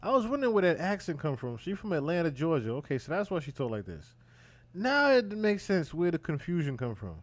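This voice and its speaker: A man's voice: fairly high pitch, big pitch swings, a little fast. A man hosting casual reaction commentary, blunt, incredulous and exasperated in tone. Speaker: commentary host.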